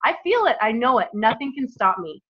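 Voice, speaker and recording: A woman's voice: on the high side, sing-song, brisk. A woman in her thirties leading a team call, giving an emphatic, emotional motivational talk. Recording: dull lo-fi call audio.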